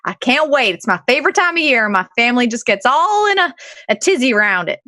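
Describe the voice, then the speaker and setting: A woman playing her character in a tabletop role-playing game, talking in a folksy, brisk way. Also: a little high, very animated, sharp tone, no room sound, studio quality. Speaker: player.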